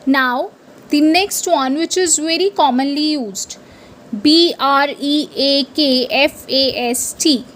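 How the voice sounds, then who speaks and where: Slow, high-voiced woman teaching pronunciation. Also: a bit bright, a little hiss or hum. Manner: deliberate, spells words out letter by letter; checks in with a frequent "right?". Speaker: spoken English teacher. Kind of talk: pronunciation lesson to camera.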